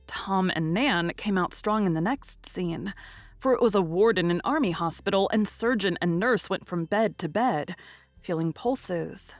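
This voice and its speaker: Female audiobook narrator, lowish voice, dry close sound, faint music underneath. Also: no echo. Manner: measured, expressive storytelling. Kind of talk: scripted narration.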